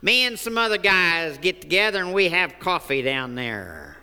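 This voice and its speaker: A man's voice: high-pitched, very animated, normal speed, pushed and bright, clean tone, pitched above the performer's own voice, heavily acted. A man voicing a folksy small-town older man who answers plainly and comically. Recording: echoey hall.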